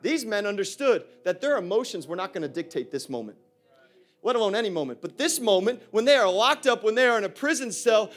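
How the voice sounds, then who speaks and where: Male preacher, high voice, punchy and bright, casual slang, rallies the congregation in church. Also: expressive, quick pace, soft background music. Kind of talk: energetic sermon.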